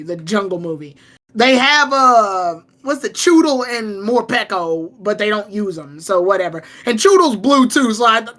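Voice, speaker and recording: A woman co-hosting a casual podcast, telling stories in an animated, profane way. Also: on the high side. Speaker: podcast co-host.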